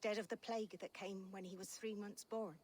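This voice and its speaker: A woman's voice: mid-range voice, fairly even intonation, brisk, darkish tone, a little hiss or hum, close to an everyday voice. A woman voicing a proud defiant mother. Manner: strong-willed, old-fashioned formal speech.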